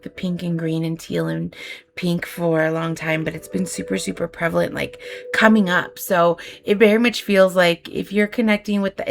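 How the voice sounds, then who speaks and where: Gravelly-voiced woman giving a tarot reading. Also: mid-range voice. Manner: soft, heartfelt, rambling with many fillers. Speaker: tarot reader.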